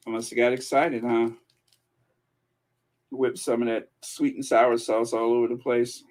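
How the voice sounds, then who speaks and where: A man hosting a royal news channel, reading viewer comments in a rambling, self-amused casual chat. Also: mid-range voice.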